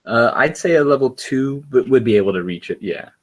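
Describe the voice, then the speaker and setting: A young man running a tabletop game as game master, giving relaxed, matter-of-fact rulings. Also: medium pitch, a little fast, breathy edge.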